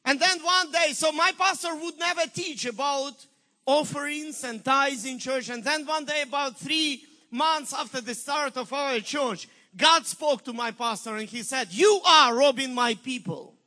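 A man with a Ukrainian accent preaching a sermon, telling a story in an animated, emphatic way. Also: very high-pitched, measured pace. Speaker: pastor.

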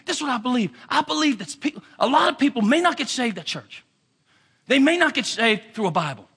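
A pastor giving a sermon, preaching with emphatic repetition and swinging between loud and hushed delivery. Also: male voice, very high-pitched, lively intonation, fairly quick, creaky, slightly rough.

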